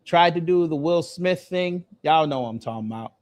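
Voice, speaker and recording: A man hosting a commentary video, roasting someone with slangy, deadpan jokes. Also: fairly high pitch, moderate pace. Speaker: host.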